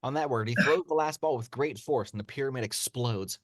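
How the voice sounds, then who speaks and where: A man reads a screenplay's action lines aloud, steady and even. His pitch sits at a middle level. The sound is dry, with no room echo. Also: fairly quick. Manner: steady read-aloud narration. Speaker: narrator of stage directions.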